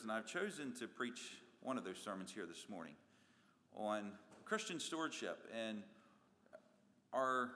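Animated preacher, bright voice, echoing hall. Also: male voice. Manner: animated preaching, acting out voices with big swings in pitch and loudness. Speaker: pastor. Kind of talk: sermon. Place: church sanctuary. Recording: long reverb of a church hall.

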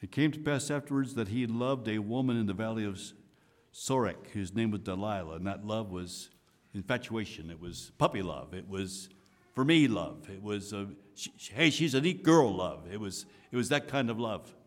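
A man preaching a sermon, swinging from loud emphatic lines to soft hushed asides. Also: on the low side, moderate pace. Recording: long hall reverb.

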